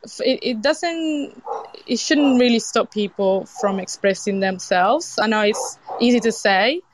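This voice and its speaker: A woman from Sicily, a chef with an Italian accent and a British tinge, talking as a guest in a casual interview, lively and expressive with frequent restarts. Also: a little high, a little slow, background noise. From Sicily, Italy. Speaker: chef and event organiser, guest.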